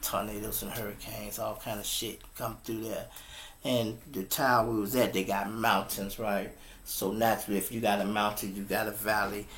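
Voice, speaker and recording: A man casually telling a story to his listeners, animated and profane, often calling them y'all, speaking at his computer setup. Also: fairly low pitch, moderate pace, a little hiss or hum.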